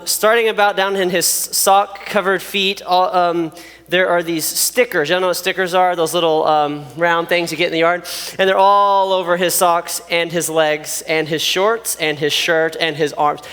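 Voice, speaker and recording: A young man preaching to youth, telling a story with lots of "like" and "um". His voice sits fairly high. A long reverb trails his words as if in a large hall. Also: clean tone. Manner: animated, acts out voices, frequent fillers like "like" and "um". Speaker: youth pastor.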